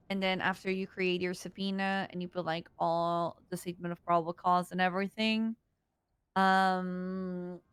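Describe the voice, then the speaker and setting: A woman's voice: on the low side, clean tone, no room sound. A woman role-playing a police officer, patiently explaining procedure step by step with fillers. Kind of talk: in-character role-play explanation.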